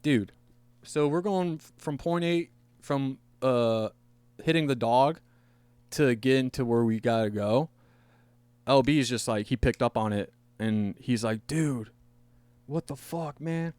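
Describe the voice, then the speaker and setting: A male podcast host with a medium-pitched, slightly mellow voice and a clean tone tells a rambling story among friends at a measured pace, swearing freely and laughing at his own tale. The sound is dry and close, with no room noise.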